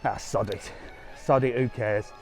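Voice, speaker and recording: A man's voice: mid-range voice, fairly even intonation, measured pace, vocal fry, soft background music. A man walking a resort strip, chatting to viewers in a live vlog and answering their questions. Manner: chatty, cheeky, answers comments on the go. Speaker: travel vlogger. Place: outdoor tourist strip by the sea. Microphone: handheld camera while walking. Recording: light street noise outdoors.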